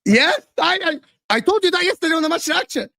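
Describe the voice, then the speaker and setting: A man's voice: very high-pitched, big pitch swings, quick pace, vocal fry, sharp tone, no room sound, studio quality. A man co-hosting a football chat show, mocking his friend in heated casual banter, swearing and dropping Arabic slang words.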